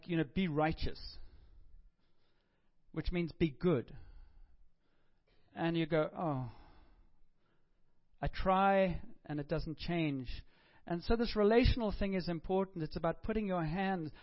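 A middle-aged man with a high voice preaches a sermon in a relaxed, chatty manner, slipping in jokes. The recording sounds dull and lo-fi. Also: moderate pace. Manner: chatty, joking, conversational preaching. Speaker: pastor.

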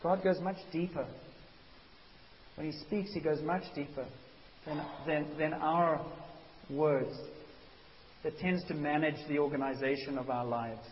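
Man, pastor giving a sermon, animated, conversational, fairly high voice, long hall reverb. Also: a little slow, pauses often. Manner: animated, conversational, acts out quotes. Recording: dull hissy recording in a reverberant hall.

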